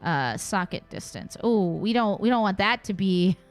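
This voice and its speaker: A woman's voice: mid-range voice, expressive, normal speed, faint music behind. A woman streaming in casual, chatty commentary, thinking aloud with playful asides.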